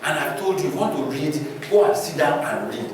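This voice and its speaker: A man puts on a strict father scolding his child, pitch jumping about as he piles up rhetorical questions. The voice is set back from the mic and rings around a big echoing hall with faint noise underneath. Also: expressive, a little fast, natural voice. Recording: echoey hall from far off.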